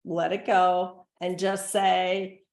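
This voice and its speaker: A woman's voice: on the low side, little pitch movement, slow pace, reverberant. A middle-aged woman giving a recorded presentation to caregivers, talking in a conversational, earnest way. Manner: conversational, earnest, acts out gentle quoted lines. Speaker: dementia care consultant and presenter.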